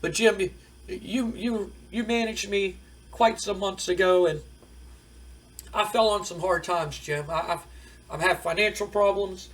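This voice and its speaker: A man's voice: high voice, fairly even intonation, unhurried, a bit bright, recorded from a distance, voice pushed up, poor audio. A man doing a whimpering, broke ex-champ wrestler. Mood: whiny stammering. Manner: pleading, stammering, tearful.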